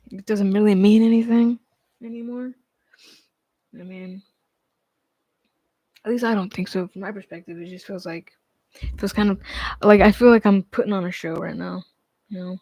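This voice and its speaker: A man chatting casually on a livestream, rambling and hesitant with lots of fillers, restarts and casual swearing, often trailing off quietly. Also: high voice, no echo.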